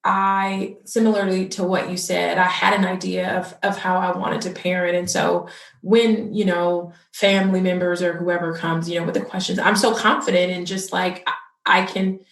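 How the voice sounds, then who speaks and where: Brief: woman podcast host, effusive and chatty, gravelly fry, set back from the mic. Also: lowish voice, normal speed. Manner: effusive, animated, laughs easily. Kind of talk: casual conversational interview. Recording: roomy, distant from the mic.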